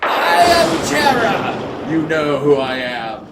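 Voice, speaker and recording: A man voicing a menacing woman who claims to be a revived princess and shouts threats. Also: fairly high pitch, wildly swooping pitch, takes it slowly, gravelly, echoey room, distant mic, heavy background noise, exaggerated voice.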